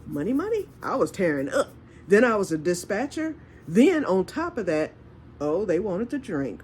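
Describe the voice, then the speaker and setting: Very animated and medium-pitched, a woman's darkish voice moves at a moderate pace over slight background noise. She's a Michigan vlogger telling a rambling personal story, chatty and laughing often as she acts out the dialogue.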